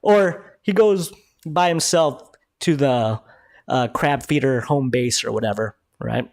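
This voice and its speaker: A man hosting a live review stream, talking excitedly in casual commentary and swearing freely. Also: mid-range voice, takes it slowly, no room sound, clean studio sound.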